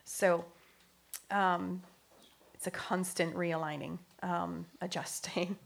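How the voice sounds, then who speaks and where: Speaking slowly and flatly, a woman with a lowish voice and noticeable vocal fry works through her thoughts on faith and prayer. Her earnest talk is full of fillers and restarts, frequent laughter, and moments where she nearly whispers.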